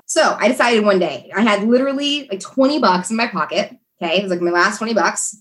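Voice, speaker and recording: A woman telling a story in a chatty, animated way, as a guest in a conversation. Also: mid-range voice. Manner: animated, chatty, many fillers. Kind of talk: casual storytelling.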